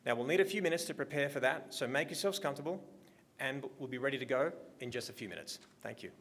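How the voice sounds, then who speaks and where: A man's voice: mid-range voice, quick pace, fairly bright tone, slight background noise. Man announcing a live awards stream. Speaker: awards livestream host.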